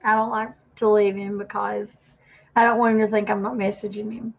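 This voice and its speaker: A woman's voice: mid-range voice, flat delivery, fairly quick, creaky. Fifty-year-old woman ranting on a livestream. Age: 50s. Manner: rambling, defensive, talks to chat viewers. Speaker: livestream host. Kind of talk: casual livestream rant. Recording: dull lo-fi stream audio.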